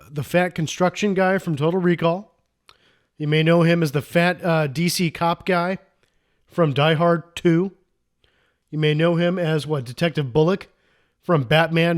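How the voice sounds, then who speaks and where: A man co-hosting a casual movie podcast, enthusiastic and rambling, often restarting his sentences. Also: fairly high pitch. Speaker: podcast co-host. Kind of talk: casual movie review chat.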